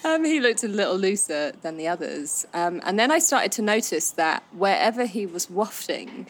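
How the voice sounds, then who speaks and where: A woman's voice: medium pitch, sing-song, normal speed, a little hiss or hum. A woman from London, co-hosting a casual chat, telling frank stories and laughing often. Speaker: podcast co-host.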